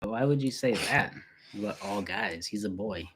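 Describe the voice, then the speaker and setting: A man's voice: on the low side, expressive, a little slow, a bit bright, husky. A man chiming in on a casual livestream chat with dry, teasing remarks from the side.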